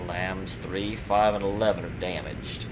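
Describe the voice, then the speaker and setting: A man voicing a cold, calculating male villain commander in a low, hushed voice, reading video game dialogue aloud. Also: steady tone, measured pace, background noise.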